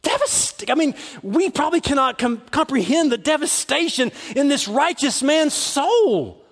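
A man's voice: extremely high pitch, expressive, measured pace. A middle-aged male pastor preaching a sermon in a conversational style, repeating words as he builds, in a large church hall. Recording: long hall reverb.

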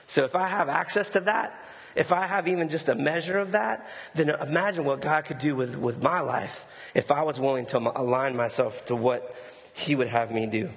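A man's voice: a little high, moderate pace, creaky, a bit bright. A male pastor preaching a sermon in a conversational way, often repeating words for emphasis. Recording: long hall reverb.

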